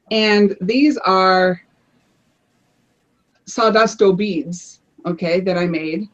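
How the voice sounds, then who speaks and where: A woman's voice: medium pitch, lo-fi sound. A woman on a live panel show casually showing her crafts, chatty, often restarting her phrases as she explains.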